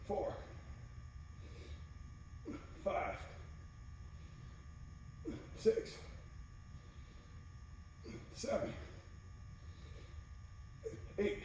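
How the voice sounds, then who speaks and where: Man, fitness coach, relaxed mellow tone, counting reps, very roomy echo, mic far away. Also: drawn-out words, pauses often. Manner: casual coaching, counting reps between exercise cues. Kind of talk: workout instruction. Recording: very echoey room, mic far off, faint noise.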